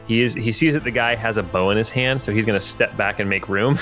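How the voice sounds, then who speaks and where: A man running a tabletop game as game master, thinking aloud and often pausing with ums and restarts. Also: on the low side, a bit bright, faint music behind.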